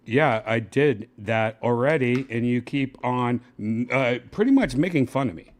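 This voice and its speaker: A man's voice: mid-range voice, expressive, a little slow. A man streaming casually, mocking and swearing at an AI assistant in an exasperated way. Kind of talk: casual livestream chat.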